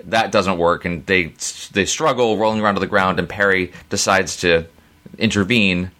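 A man's voice: low-pitched, fairly even intonation, normal speed, sharp tone. A man co-hosting a casual podcast discussion who agrees readily, laughs easily and describes scenes in detail. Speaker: podcast co-host.

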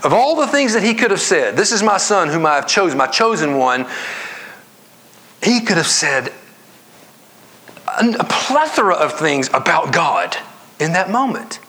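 A male pastor giving a conversational sermon that climbs to emphatic, high-pitched stress and drops to hushed whispers. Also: big pitch swings, unhurried, pauses often. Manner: conversational preaching, rising to emphatic highs and dropping to whispers.

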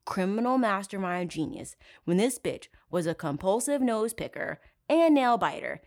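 A woman hosts a true crime podcast, telling the story in an animated, casual way at a moderate pace. Profane and sarcastic, she laughs often and swings between loud outrage and quiet asides.

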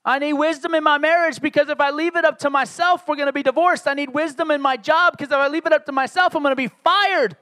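A man's voice: very high-pitched, fairly even intonation, fast, hardly any pauses, sharp tone. A man preaching a sermon as pastor, conversational and joking, building to emphatic peaks.

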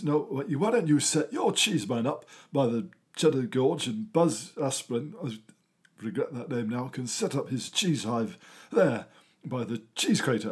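A man in a mid pitch hosts a comedy show and spins a made-up children's tale. He rambles and keeps cutting himself off, his tone put-on cheery, and a clear hiss of noise sits under the recording. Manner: rambling, self-interrupting, mock-cheery. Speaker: host. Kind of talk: comic improvised children's storytelling.

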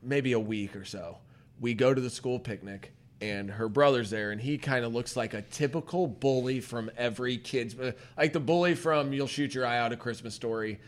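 A man's voice: mid-range voice, moderate pace. A man in casual chat as podcast co-host, telling a story animatedly, laughing and swearing.

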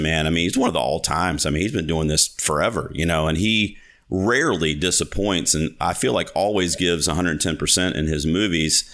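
Deep-voiced enthusiastic male podcast host. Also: fairly bright tone. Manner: enthusiastic, rambling, with many fillers and restarts. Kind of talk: casual interview chat.

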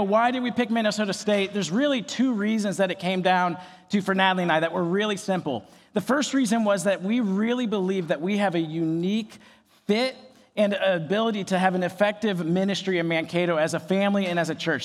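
High-voiced energetic male pastor. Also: big-room sound. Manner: energetic, joking, storytelling. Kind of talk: sermon. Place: church.

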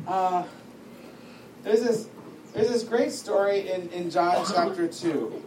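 Here the discipleship school teacher speaks slowly in a high-pitched, darkish voice, keeping his class talk casual and chatty. He wanders off on tangents and laughs often. It was captured from afar in an echoey room, with a bit of faint noise.

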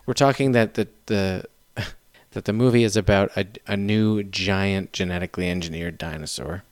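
A man's voice: sits low, fairly even intonation, normal speed, clear, resonant tone, no room sound. A man hosting a podcast, chatting casually about films and swearing freely. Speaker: podcast host. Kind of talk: casual chat.

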